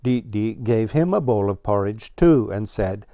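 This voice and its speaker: A man reading a children's story aloud in a slow, even storytelling manner. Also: fairly low pitch, dry recording, clean studio sound. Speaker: storybook reader.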